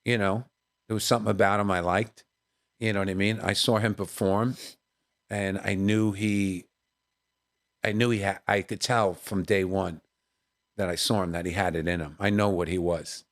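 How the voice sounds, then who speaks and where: Speaking at a moderate pace in a voice that sits low, a comedian guest recounts stories during a podcast studio interview. He brings them to life by acting out the voices, often asking "you know what I mean."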